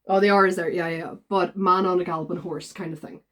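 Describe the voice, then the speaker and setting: A woman's voice: lowish voice, fast talker. Chatty woman vlogger. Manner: chatty, animated retelling with quoted voices. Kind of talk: casual chat, storytelling.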